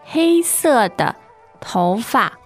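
A woman co-hosting a language lesson, saying each word slowly and twice for learners. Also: on the high side, very animated, soft background music. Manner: models words slowly, repeating each twice. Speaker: Chinese language co-host. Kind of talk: casual teaching chat.

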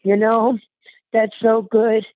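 Older woman, a fond, chatty aunt who is short of breath, higher voice, heard over a dry phone line. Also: flat delivery, slow, no room sound. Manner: chatty, affectionate, keeps calling the listener honey. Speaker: interviewee, aunt. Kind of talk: casual phone chat.

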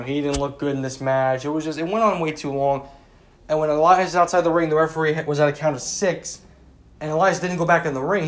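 A man giving a casual, rambling recap of a wrestling show, often exasperated and full of fillers. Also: a little high. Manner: rambling, exasperated, lots of "like" and "you know".

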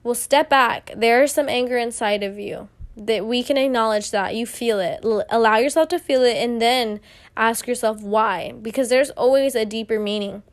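On her own podcast, a young woman with a fairly high voice spins a story at a moderate pace. She chats loosely, uses lots of fillers, and acts out the lines of the people she quotes.

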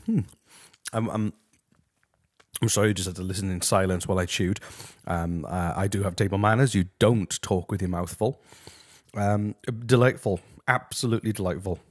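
A man hosting a comedic review from his house, talking deadpan and rambling with lots of ums. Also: low voice, fairly quick, dry recording, clean studio sound. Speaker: host. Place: his house, walking to the kitchen.

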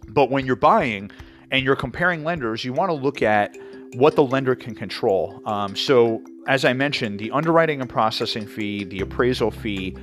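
A man's voice: medium pitch, normal speed, soft background music. A man from New York hosting a mortgage show, explaining fees in a casual, conversational way with frequent fillers and asides. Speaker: mortgage podcast host. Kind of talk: casual educational talk.

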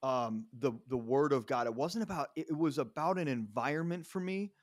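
A man's voice: mid-range voice, animated, brisk, no echo, clean studio sound. A man in his thirties telling a personal story in a casual interview, earnest and rambling, often restarting his sentences. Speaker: podcast guest.

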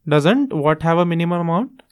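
A man's voice: a little high, animated, brisk. Indian man explaining money matters casually. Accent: Indian English. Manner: earnest, explains with examples, mixes in Hindi phrases. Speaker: podcast guest explaining investing.

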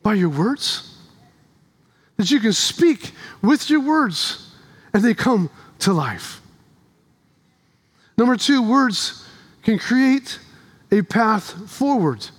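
Guy preaching in church, real high voice, storytelling, gets shouty. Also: takes it slowly, pauses often, slightly rough. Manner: animated storytelling, rising to shouts. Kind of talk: sermon.

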